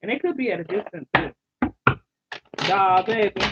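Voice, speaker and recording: A woman giving a live tarot reading, animated, exclaiming and repeating phrases to her listeners. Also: mid-range voice, normal speed, very noisy. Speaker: tarot reader. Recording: dull lo-fi sound.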